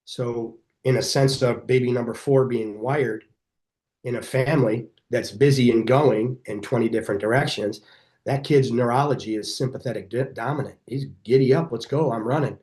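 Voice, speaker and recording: A middle-aged man, a chiropractor being interviewed on a podcast, telling stories in an energetic, animated way and acting out what people said. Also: mid-range voice, normal speed. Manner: energetic, animated storyteller who acts out quoted dialogue. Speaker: chiropractor guest.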